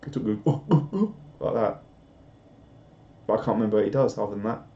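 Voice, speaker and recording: A man chatting on a live stream, rambling and laughing at himself. His voice is mellow and relaxed. The audio is dull and lo-fi. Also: on the low side, fast. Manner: rambling, self-mocking, laughs often. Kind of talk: casual live-stream chat.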